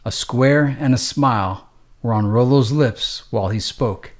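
A man's voice: mid-range voice, unhurried. A man narrating a gritty street novel in a streetwise, matter-of-fact, profane way. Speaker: audiobook narrator.

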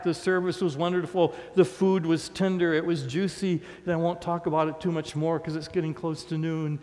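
A man's voice: a little high, a little mellow. Conversational male pastor in a reverberant church. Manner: conversational, storytelling. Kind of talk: sermon. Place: church sanctuary.

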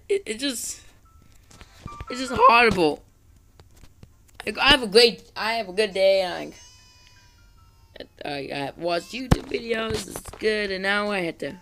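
A woman ranting through gameplay commentary, exasperated and rambling, repeating taunting questions with many halting restarts. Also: mid-range voice, expressive, bright, forceful tone, faint music behind. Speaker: gaming channel host.

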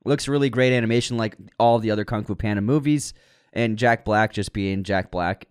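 A man co-hosting a casual movie news podcast, jokey and quick to swear. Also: fairly low pitch, smooth. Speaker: podcast co-host.

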